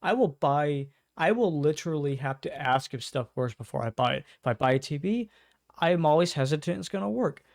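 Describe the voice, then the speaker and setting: A man's voice: on the high side, lively intonation, a little fast, gravelly, no echo, clean studio sound. A man casually reacting to memes at his home microphone, swearing freely and chuckling often. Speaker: meme reaction host. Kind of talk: casual meme reaction commentary. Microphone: own desk microphone.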